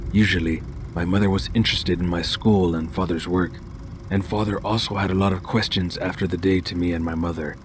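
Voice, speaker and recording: A man narrating a scripted first-person horror story in a steady, measured way. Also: low voice. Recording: noisy home recording.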